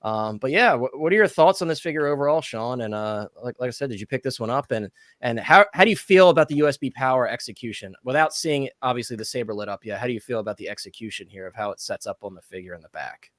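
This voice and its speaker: A man's voice: medium pitch, expressive, a bit bright, no room sound, studio quality. A man hosting a casual chat, asking questions and steering the talk along eagerly. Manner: fast, eager, moderating. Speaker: host.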